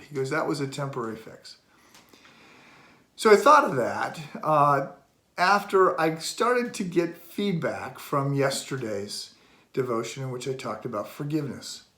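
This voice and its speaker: A middle-aged man speaks as a pastor in a relaxed devotional, his voice sitting at an ordinary pitch. He tells a story animatedly and jumps up in pitch when acting out the people in it. The sound is roomy, with noticeable echo from the house around him. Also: normal speed. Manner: animated, acts out dialogue with rising pitch. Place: relatives' home.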